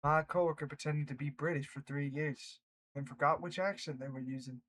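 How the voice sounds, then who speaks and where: A man's voice: a little high, steady tone, fairly quick, a bit bright, poor audio. A man reading online workplace stories aloud, breaking off for chatty reactions. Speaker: reddit story narrator.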